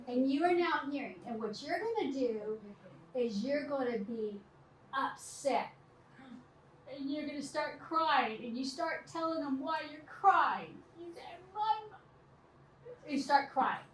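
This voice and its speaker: A middle-aged woman teacher talks a class of children through an activity in an animated, directive way and laughs often. Her voice sits high. She is picked up from across a reverberant classroom. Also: slow. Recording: roomy, distant, noisy classroom.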